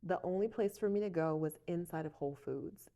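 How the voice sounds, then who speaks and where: A woman, a coffee shop owner, telling a story in a casual interview, animated and acting out dialogue. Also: on the low side, fairly quick.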